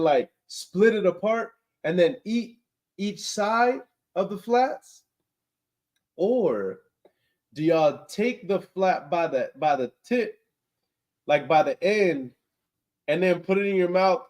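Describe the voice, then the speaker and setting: Young guy, aave, chills on stream reading chat out loud, slow and kinda high, laughs a lot. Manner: slangy, laughs often, reacts to chat comments. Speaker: livestream host reading chat. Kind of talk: casual livestream chat.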